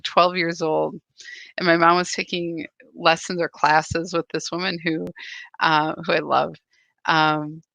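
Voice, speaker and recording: A woman's voice: on the low side, gravelly, bright, forceful tone, no room sound, low-quality recording. A woman, a spiritual guide, giving a casual live-streamed talk in a conversational, rambling way that keeps checking in with "right?".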